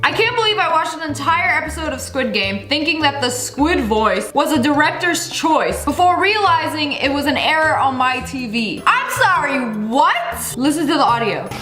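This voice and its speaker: A woman's voice: high voice, big pitch swings, normal speed, few pauses, echoey room, over music. A woman hosting a reaction video, sassy and exasperated in casual commentary.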